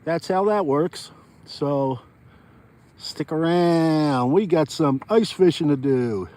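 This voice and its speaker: A man's voice: on the high side, expressive, slow, warm tone. A man, chatting rambly to viewers while ice fishing outdoors on a frozen pond. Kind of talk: casual outdoor vlog chat.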